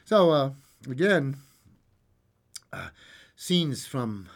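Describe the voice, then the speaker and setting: A man's voice: mid-range voice, big pitch swings, extremely slow. A man hosting a radio show, singing along to his guitar and chatting in a playful, rambling, self-mocking way. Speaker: radio host. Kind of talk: singing with guitar and casual chat. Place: radio studio.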